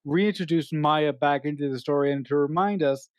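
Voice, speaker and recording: Co-host voice, mid pitch, close and dry, earnest with stumbling restarts. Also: moderate pace, no echo. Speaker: podcast co-host. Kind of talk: casual film review chat.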